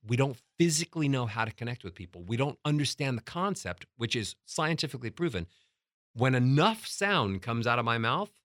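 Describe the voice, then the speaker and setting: A man's voice: on the high side, a bit bright, no echo. Emphatic male voice coach, dry sound. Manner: emphatic, punchy, instructive. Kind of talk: motivational business talk.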